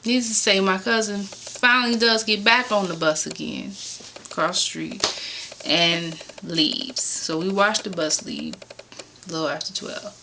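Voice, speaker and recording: A woman casually telling a personal story from Chicago, animated and rising sharply in pitch when exasperated. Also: measured pace, a little hiss or hum.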